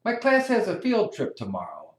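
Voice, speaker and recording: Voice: mid-range voice, huge pitch swings, moderate pace, pitched above the performer's own voice. A reader voicing an eager, helpful big sister in a children's storybook read-aloud, coaxing and encouraging like a little teacher. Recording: echoey room.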